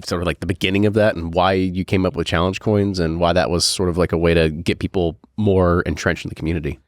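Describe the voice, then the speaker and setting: A man hosting a podcast, chatting casually with quick, relaxed comments. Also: low voice, no room sound, clean studio sound. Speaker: podcast host. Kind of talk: casual chat.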